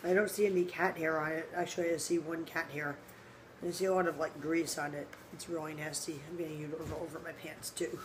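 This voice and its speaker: A woman's voice: deep voice, level tone, fairly quick, slight background noise, low-quality recording. A woman hosts a casual food-tasting vlog late at night, sounding tired. She is blunt and candid and keeps talking with her mouth full. She speaks into a phone camera indoors at home. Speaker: food vlogger.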